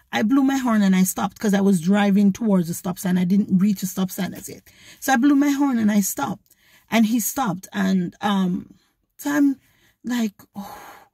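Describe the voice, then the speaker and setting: A woman, a vlogger, retelling a story in an animated, indignant way. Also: medium pitch, breathy edge, dry recording. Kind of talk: storytelling to camera.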